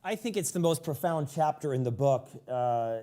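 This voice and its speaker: Podcast host, male, somewhat high voice, reflective and measured, pauses with fillers. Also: lively intonation, warm tone. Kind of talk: interview questions.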